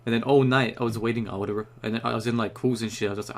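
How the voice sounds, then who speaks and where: A young man ranting casually and excitedly about a new card, rambling and swearing often, just after waking up. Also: mid-range voice, quick pace. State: just woke up. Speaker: YouTuber reviewing a card.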